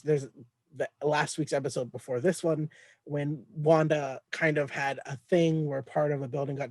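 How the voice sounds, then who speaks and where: A man's voice: fairly high pitch, a little mellow, no room sound. A man co-hosting a casual podcast, explaining his take at length and arguing his point. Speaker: podcast co-host.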